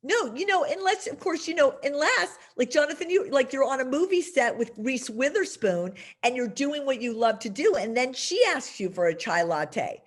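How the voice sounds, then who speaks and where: A woman's voice: sits high, very animated, normal speed, few pauses. A woman teaching a class as a career coach, emphatic and chatty, speaking straight to her students.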